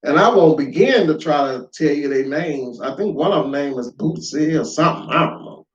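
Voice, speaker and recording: A man giving an informal spoken lesson, emphatic and full of rhetorical questions, swinging between loud and quiet. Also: on the high side, moderate pace, distant mic. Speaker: lecturer. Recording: echoey room, dull lo-fi sound.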